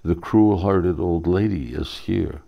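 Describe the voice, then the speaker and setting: A man reading the lines of a playful young cowherd hero in a devotional drama, gently teasing. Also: deep voice, slow pace, gravelly, dull audio, heavily acted.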